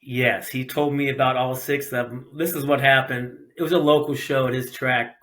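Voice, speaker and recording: Animated, bright-voiced storyteller, a man from Ohio. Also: mid-range voice, moderate pace. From Ohio, USA. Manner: animated, acts out quoted voices. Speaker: podcast guest, sprint car racer. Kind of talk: casual storytelling.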